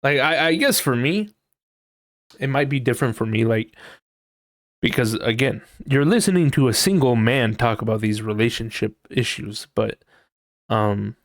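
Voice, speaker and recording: A man's voice: mid-range voice, lively intonation, moderate pace, dry recording. Young male podcast host, rambling and profane, mocks people with impressions. Dry, close sound. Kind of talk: casual solo podcast rant.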